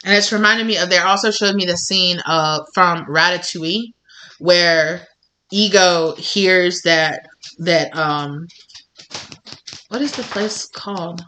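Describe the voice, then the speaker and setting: A woman talks through a tarot reading in a loose, chatty way, blunt and profane with frequent laughs. Her voice is bright and forceful. Faint noise sits under the recording. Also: lowish voice, takes it slowly, poor audio. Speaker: tarot reader.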